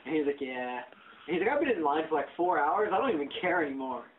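A man tells a profane work story on a casual podcast, jumping between voices as he quotes people. His pitch swings widely, and the audio is tinny and narrow like a phone line. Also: quick pace, recorded from a distance, a little hiss or hum. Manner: animated, profane, acts out quotes. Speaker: podcast host.

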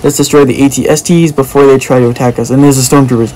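A man commenting on his own gameplay in an excitable way, with frequent exclamations and repeated phrases. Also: medium pitch, fast, slight background noise, rough recording. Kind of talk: let's play commentary.

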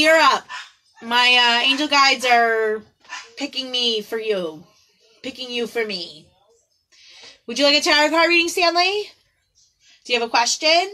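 Bright-voiced chatty woman reading tarot. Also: fairly high pitch, poor audio. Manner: chatty and giggly, breaks off for her pets; soft prayerful invocations to spirit guides. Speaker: tarot card reader. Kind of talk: casual livestream tarot reading. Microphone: phone or computer on a live video stream.

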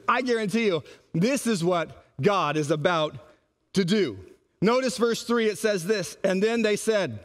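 Pastor, male, high voice, animated sermon delivery that acts out quotes.

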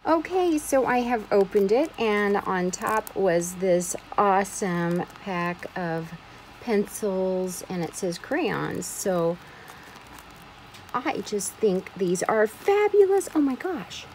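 Gushing woman with gasps, slow pace. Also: medium pitch, darkish tone, slight background noise, low-quality recording. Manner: gushing, frequent gasps and exclamations. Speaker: craft vlogger unboxing a swap package. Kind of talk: casual unboxing chat.

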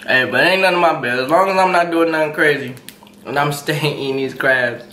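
Male mukbang host, casual chatter between bites, bright voice, roomy echo. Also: on the high side, brisk, a little hiss or hum. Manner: relaxed, chats between bites, laughs often. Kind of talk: casual eating vlog chat. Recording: roomy echoey room.

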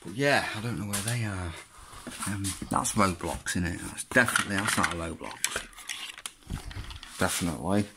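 A man's voice: deep voice, normal speed, very noisy. A man chatting casually, rambling as he goes through boxes of his child's old belongings, swearing and laughing as he talks. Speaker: vlogger. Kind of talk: casual chat, talking to an absent child.

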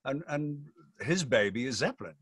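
A man's voice: mid-range voice, lively intonation, normal speed, fairly bright tone, breathy edge, no room sound. A man in his sixties with a Yorkshire accent, chatting playfully in an interview with theatrical, jokey asides. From England. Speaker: rock singer.

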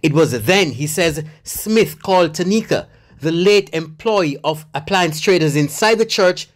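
Reporter voiceover, mid-pitched, formal and measured news read. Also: animated. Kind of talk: scripted news narration.

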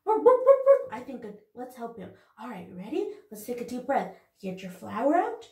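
A woman teaching young children in a video lesson, talking slowly and encouragingly in a sing-song way. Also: on the high side, very animated, darkish tone, distant mic. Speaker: preschool teacher. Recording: echoey room, off-mic.

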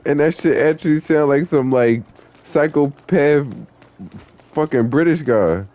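A man's voice: a little high, moderate pace, mellow, dull audio. Laid-back profane young male streamer. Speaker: game streamer. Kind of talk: casual live-stream chat.

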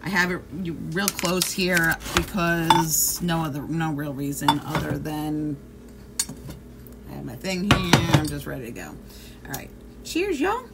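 A woman's voice: low-pitched, lively intonation, a little slow, creaky, heavy background noise. A woman chatting casually on a livestream, swearing freely and greeting viewers by name. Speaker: vlogger.

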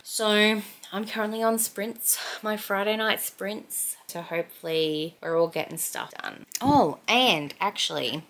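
A young Australian woman chatting casually at home about the books she is reading. She fills her talk with "like" and giggles often. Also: medium pitch. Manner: chatty, heavy use of "like", giggly. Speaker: book vlogger. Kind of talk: casual book review chat.

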